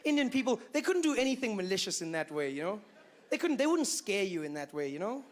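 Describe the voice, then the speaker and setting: A male stand-up comedian performing a routine in an animated way, full of "you know" asides. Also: high-pitched, quick pace.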